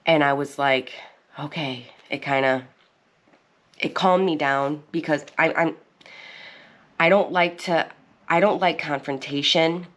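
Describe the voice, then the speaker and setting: A woman in her thirties hosting her own channel, telling a rambling story in a casual, chatty way. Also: low-pitched. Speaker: channel host. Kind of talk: casual chat.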